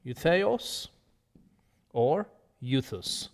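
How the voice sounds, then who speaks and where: A man leads a vocabulary drill at a very slow, deliberate pace, repeating each word and its meaning. His voice sits at an ordinary pitch and carries a long reverb tail. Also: animated, gravelly. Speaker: Greek teacher.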